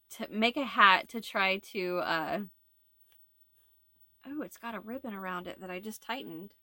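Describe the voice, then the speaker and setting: A woman's voice: mid-range voice, sharp tone, dry recording, clean studio sound. A woman chatting casually to camera as a crochet vlogger, rambling and laughing easily. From United States. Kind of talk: casual chat.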